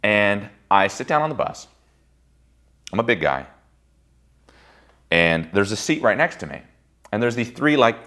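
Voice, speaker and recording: In a candid personal-growth monologue, a deep-voiced man shares stories from his own life. He's blunt and swears freely, veering from loud outbursts to quiet musing.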